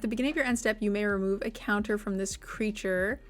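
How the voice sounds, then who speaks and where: A woman's voice: medium pitch, quick pace, faint music behind. A woman streamer giving gameplay commentary, thinking aloud and playfully exasperated as she plays.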